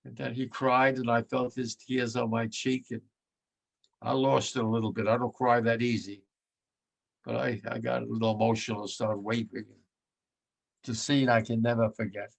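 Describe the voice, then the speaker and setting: In a gravelly voice with flat delivery and a moderate pace, a ninety-something American World War II veteran recounts his story bluntly and vividly. His voice falls low and hushed when he's moved.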